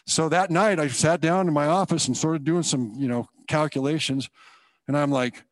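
A man giving a personal testimony in church, telling his story in an animated, self-deprecating way and acting out the thoughts he had. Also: fairly high pitch, moderate pace, dry recording. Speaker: guest speaker giving testimony.

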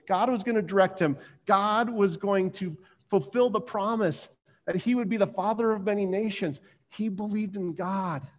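A man preaching a sermon from the pulpit, his voice on the higher side. He moves between loud, emphatic lines and hushed, low asides, acting out the scripture as he goes. A long church-hall reverb rings behind every word. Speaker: pastor.

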